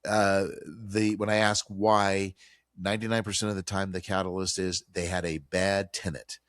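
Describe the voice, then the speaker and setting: A man with a very low, deep voice hosts a financial talk show. He keeps it conversational and animated, slipping into quoted voices as he walks through the scenarios. The sound is dry and close, with no room echo at all. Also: moderate pace, clean tone. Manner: animated, acts out landlord and tenant quotes. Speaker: radio show host.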